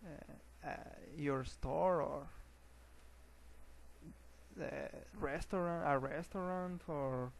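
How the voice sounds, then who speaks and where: A man teaching an English lesson, often restarting words and filling pauses with uh and um. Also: fairly high pitch, creaky, low-quality recording. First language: Spanish. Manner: hesitant, repeats words, many fillers.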